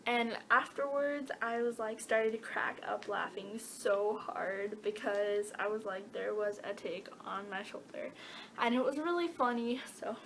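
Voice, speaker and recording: A woman's voice: medium pitch, measured pace, a bit bright, a little hiss or hum. A teenage girl answering Q&A questions in a casual, rambling way with many fillers and giggles. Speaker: vlogger. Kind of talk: casual Q&A chat.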